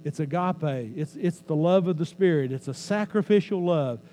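A man preaching from the pulpit in a relaxed, conversational way, joking with his listeners and repeating lines to drive them home. His voice sits a little high for a man, with a mellow, dark tone. A faint mains hum runs underneath. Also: normal speed, low-quality recording. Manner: conversational preaching with jokes, repeats phrases for emphasis. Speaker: pastor. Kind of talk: sermon. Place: church sanctuary.

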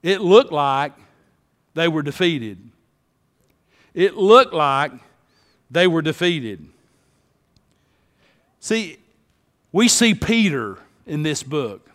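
A high-pitched male preacher who takes his time, dropping to near whispers and then rising to shouts. His voice rings out with a long hall echo, like in a big church. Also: animated, slow pace, pauses often. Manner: dramatic, swings from hushed to shouting. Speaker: pastor. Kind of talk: sermon.

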